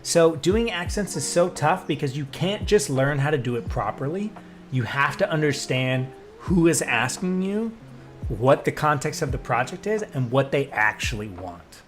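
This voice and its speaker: A young man, a streamer and voice actor, chatting casually with his live chat, excitable and swearing freely as he drifts into tangents. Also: fairly high pitch, normal speed, faint music behind.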